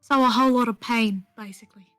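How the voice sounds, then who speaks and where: Brief: a woman player, teasing and profane, bright and fairly high, with a dry close sound. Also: steady tone, fast, no echo, soft background music. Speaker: tabletop game player. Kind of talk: casual in-character banter.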